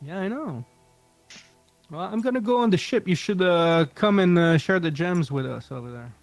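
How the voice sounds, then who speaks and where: A man's voice: high voice, animated, normal speed, no room sound, soft background music. A man playing a tabletop role-playing game, coaxing and upbeat as he speaks in and out of character. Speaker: player.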